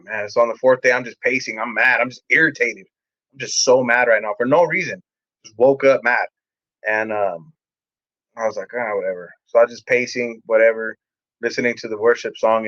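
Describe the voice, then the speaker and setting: A man's voice: mid-range voice, fairly bright tone, no room sound. A young man recounts his past in casual, streetwise talk, slipping into the voices of the people he met. His voice sits in a middle register. The recording is dry and close, with a slightly dull, muffled tone. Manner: candid, streetwise, acts out quotes. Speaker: pastor, podcast guest. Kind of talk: casual storytelling.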